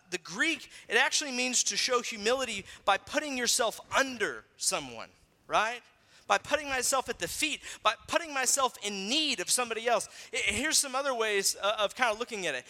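A pastor in his thirties preaches conversationally, telling stories with lively acted-out voices. His voice is unusually high and very bright. It rings with the long reverb of a large hall. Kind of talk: sermon.

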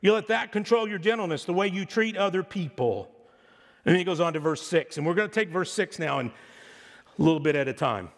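High-voiced preacher in a reverberant sanctuary. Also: male voice, animated, a little fast. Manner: conversational, joking asides, sarcastic impressions. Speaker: pastor. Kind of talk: sermon. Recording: long hall reverb.

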